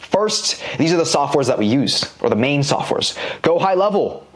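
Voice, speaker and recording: A man delivering a casual recorded course lecture, full of slang and quick everyday examples. His voice rises and falls a lot and sits a little high for a man. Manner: animated, slangy, drawing examples on a board. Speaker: online business course instructor.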